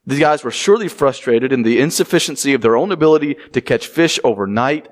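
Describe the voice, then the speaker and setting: A male pastor preaches in a relaxed, conversational way. He slips into the voices of the people he quotes and jumps up in pitch for emphasis, keeping a moderate, even tone otherwise. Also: quick pace. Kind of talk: sermon.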